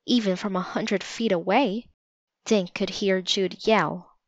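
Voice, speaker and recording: A woman narrating a children's storybook aloud in a calm, measured way. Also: mid-range voice, no echo. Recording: slightly dull lo-fi recording.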